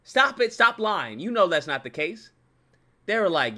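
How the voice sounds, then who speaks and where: Animated, high-voiced male ranter. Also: a little slow. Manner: animated, profane, repeats his points for emphasis. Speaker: YouTube commentator. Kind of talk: ranting video commentary.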